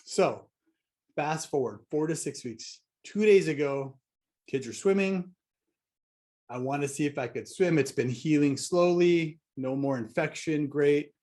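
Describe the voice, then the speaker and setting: A man's voice: on the high side, a little slow, darkish tone. Wry, exasperated middle-aged man. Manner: wry and exasperated, with sarcastic asides. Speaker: vlogger. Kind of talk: casual personal story.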